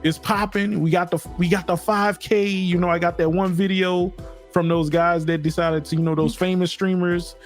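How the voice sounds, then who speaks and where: A man with a fairly high voice, joking around in a laid-back, slangy way as a podcast co-host. Faint music sits under his chat. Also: flat delivery, normal speed. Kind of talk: casual chat.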